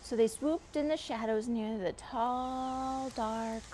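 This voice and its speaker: High-pitched woman librarian, expressive storytime reader who chats with the kids between pages, faint birdsong outside. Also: slow pace, a little hiss or hum, poor audio. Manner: expressive reading with asides to the children. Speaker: children's librarian. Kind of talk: children's storytime read-aloud.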